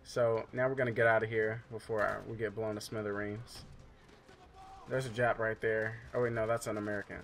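A man's voice: lowish voice, level tone, fairly quick, a bit bright. A man casually commentating his own video game playthrough, rambling and joking with plenty of loose asides. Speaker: gameplay commentator. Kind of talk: casual let's-play commentary.

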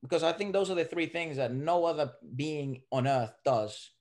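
A man's voice: on the high side, moderate pace, a little mellow. A man hosting a podcast in casual chat, rambling with many restarts. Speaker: podcast host.

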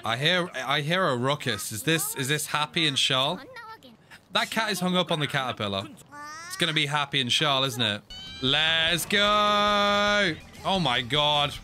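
A young man giving excitable casual reaction commentary, often laughing. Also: a little high, normal speed. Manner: excitable, frequent laughter and "mate". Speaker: anime reaction host.

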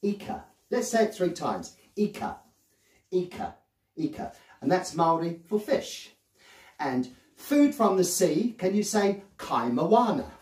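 A man, a children's magician telling a story in a playful, animated way to young children. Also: high-pitched, unhurried. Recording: roomy sound from a distant mic.

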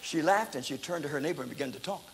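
An older man preaching a testimony sermon, telling his story in an animated, dramatic way that breaks into loud exclamations. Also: fairly high pitch, rapid-fire. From United States. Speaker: evangelist preacher. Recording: echoey hall, faint background noise.

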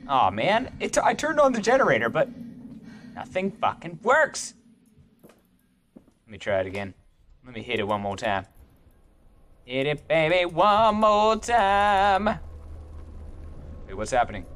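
A man's voice: medium pitch, big pitch swings, moderate pace, long pauses, fairly bright tone, a little hiss or hum. A young man doing let's play commentary, goofy and joking, swearing as he plays. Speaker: gaming youtuber.

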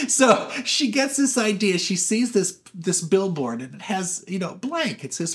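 Guy retelling a movie plot, super animated, acts out the lines. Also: high-pitched, measured pace, few pauses. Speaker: movie reviewer host. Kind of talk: casual film review chat.

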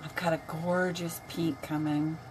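A woman's voice: low-pitched, little pitch movement, a little slow, over music. An older woman chatting casually on a makeup live stream, greeting viewers by name as she works.

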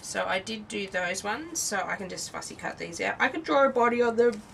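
A woman's voice: mid-range voice, expressive, fairly quick, gravelly, a bit bright, recorded from a distance, slight background noise, low-quality recording. Tired, chatty Australian woman. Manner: chatty, rambling, self-interrupting. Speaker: craft channel host. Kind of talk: casual show-and-tell craft video.

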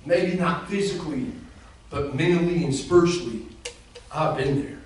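Addressing his congregation directly, the senior lead pastor preaches in a fervent cadence at a normal pace, his voice sitting a little high. Slight background noise comes through a distant, echoey room recording.

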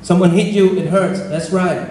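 Indonesian-accented male preacher, high voice, halting storyteller; booming church echo. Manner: animated storytelling with frequent restarts. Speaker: pastor. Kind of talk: sermon. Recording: very echoey church with faint noise.

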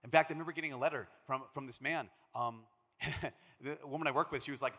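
A man from Minnesota, a priest giving a conference talk, an animated storyteller who acts out the quotes he tells. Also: mid-range voice, fast. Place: large conference hall. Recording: long reverb of a big hall.

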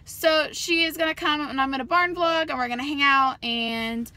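A woman's voice: high-pitched, normal speed, pushed and bright, a little hiss or hum. A woman vlogger chatting casually and talking sweetly to her horse out in a paddock. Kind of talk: casual vlog chat.

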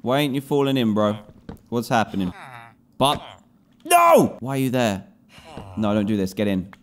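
A man's voice: fairly low pitch, normal speed. A man giving gameplay commentary, scolding and pleading with the characters in his game. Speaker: gaming video host.

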